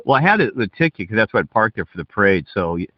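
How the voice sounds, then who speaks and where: A man co-hosting a podcast, telling a story in a rambling, excitable way, cussing and talking over his partner. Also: lowish voice, fast, dry recording. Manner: rambling, excitable, cusses, keeps interrupting. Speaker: podcast co-host. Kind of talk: casual storytelling chat. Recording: dull lo-fi dry recording.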